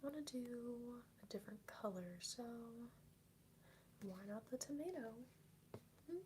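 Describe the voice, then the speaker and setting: A young woman chats in a soft, nasal whisper during an ASMR coloring stream, her nose stuffy with a cold. She stays close to the mic, and faint pencil scratching runs underneath. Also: on the high side, expressive, measured pace, background noise. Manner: soft-spoken, giggly. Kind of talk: whispered ASMR livestream chat. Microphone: close mic by the drawing paper.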